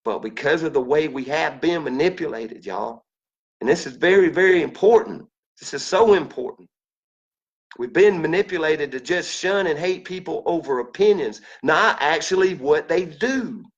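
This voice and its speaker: Earnest gravelly man. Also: a little high, expressive, moderate pace, muffled recording. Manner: earnest, folksy, preachy, repetitive. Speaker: vlogger. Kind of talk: emotional personal monologue.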